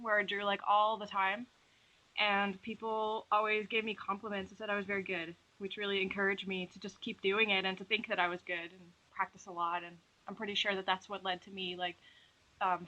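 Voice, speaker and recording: A young woman from the Netherlands speaks as an interview guest, unhurried and reflective, filling pauses with little hesitations. Her voice is bright and clear in tone. The audio sounds slightly dull and lo-fi. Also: mid-range voice. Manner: relaxed, reflective, uses many fillers. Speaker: illustrator and animator guest. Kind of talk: interview conversation.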